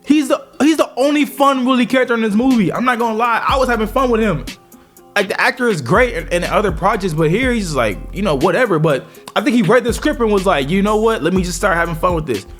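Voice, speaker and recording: A man's voice: high-pitched, lively intonation, fast talker, a bit bright, faint music behind. A man giving a casual movie review vlog, talking in slang and repeating fillers as he rants.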